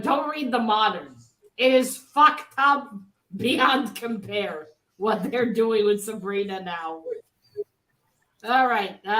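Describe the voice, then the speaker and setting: Bright high-voiced woman hosting a panel. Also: echoey room, low-quality recording. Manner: chatty, laughing often, swears casually. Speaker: panel host. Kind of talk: casual online panel chat.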